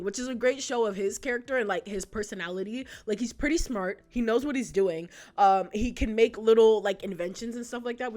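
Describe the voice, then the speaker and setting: Chatty young woman reviewing a cartoon. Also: a little high. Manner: chatty, full of "like" and rhetorical questions. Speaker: YouTube host. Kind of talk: casual retrospective commentary.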